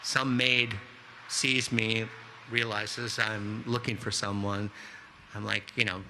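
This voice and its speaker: A man in his sixties telling a personal story aloud at a live storytelling event, lively and anecdotal, acting out the dialogue. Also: lowish voice, takes it slowly, a little hiss or hum. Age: 60s. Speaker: contributing author.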